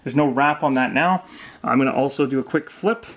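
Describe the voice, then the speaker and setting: A man's voice: mid-range voice, a little fast, muffled recording. A man hosting his board game channel, chatting casually and enthusiastically to camera through an unboxing, with fillers and restarts.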